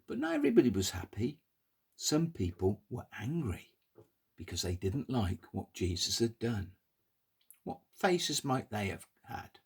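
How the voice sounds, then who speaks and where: A man telling a Bible story to toddlers in an animated, sing-song way, coaxing the children to pull faces. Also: lowish voice, measured pace, vocal fry, breathy edge.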